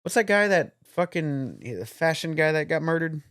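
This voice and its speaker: A man's voice: fairly high pitch, sing-song, moderate pace, fairly bright tone, no echo, studio quality. A man co-hosting a podcast in casual chat, rambling and swearing while he hunts for names. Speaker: podcast co-host.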